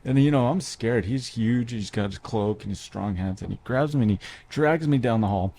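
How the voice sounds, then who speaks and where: A man's voice: medium pitch, normal speed, warm tone, a little hiss or hum. A man in his thirties telling a personal story to an audience in a conversational way, with many fillers and restarts. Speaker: speaker.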